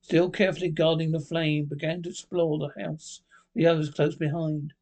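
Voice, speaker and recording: A man reading a ghost story aloud in a plain, steady manner, with occasional slips. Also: fairly high pitch. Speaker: narrator.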